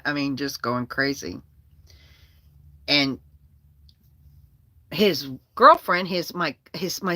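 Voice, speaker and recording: Woman storyteller, bright and sharp in tone, candid and profane, casual delivery. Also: low-pitched, no room sound.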